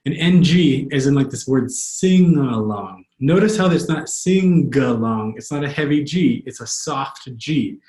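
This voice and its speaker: A male language tutor giving a pronunciation lesson, patiently repeating words slowly. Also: a little high, a little mellow. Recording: echoey room.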